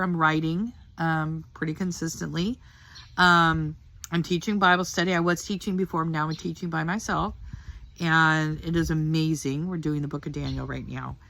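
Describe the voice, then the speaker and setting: A woman's voice: fairly low pitch, sharp tone. An older woman giving a casual personal testimony about her faith, talking in an earnest, heartfelt, rambling way. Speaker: Christian testimony speaker.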